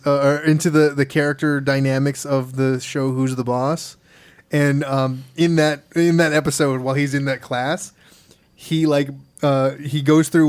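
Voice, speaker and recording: A man's voice: fairly high pitch, clear, resonant tone. A man hosting a podcast who tells a story in a loose, casual way, with many fillers and restarts. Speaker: podcast host. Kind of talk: casual chat.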